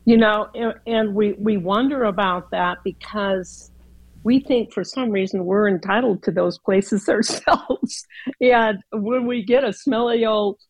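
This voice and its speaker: Slow, earnest woman giving a devotional. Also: medium pitch, fairly even intonation, dry recording, poor audio. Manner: earnest, reflective, slow with many pauses. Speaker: speaker sharing a Christmas reflection. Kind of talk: conversational devotional talk.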